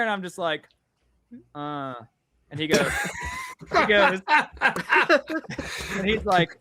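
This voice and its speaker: A comic creator telling stories in a lively, swearing manner, playing out everyone's lines. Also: male voice, on the high side, takes it slowly, pauses often, clean tone. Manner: lively, profane, acts out quotes. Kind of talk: casual storytelling chat.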